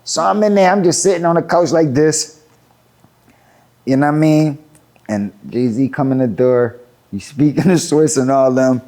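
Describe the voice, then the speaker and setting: A guest rapper tells a story in a sit-down interview, and his speaking voice sits a little above the usual male range. He talks fast and loose. He packs in fillers and profanity as he goes. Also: fairly high pitch, mellow. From Philadelphia.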